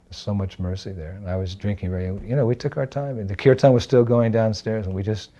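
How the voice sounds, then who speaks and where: Older guy reminiscing, mellow husky voice, kinda low, chuckles through his stories. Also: fast talker. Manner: reflective, laughs while telling anecdotes. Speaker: devotee recalling memories. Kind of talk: storytelling memoir.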